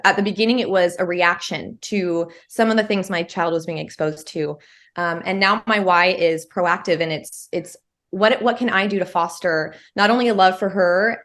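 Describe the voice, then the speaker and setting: A woman's voice: mid-range voice, fairly bright tone. A woman in her thirties from California, a mother of three, telling her story in casual conversation with many fillers. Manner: chatty, frequent fillers like "um" and "like". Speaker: interview guest, homeschooling mother of three.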